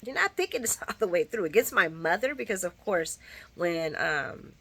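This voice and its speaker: A woman giving a casual, opinionated recap of a soap opera, chatting in slang and acting out the characters' lines with big jumps in pitch. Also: very animated, normal speed, fairly bright tone, slightly rough.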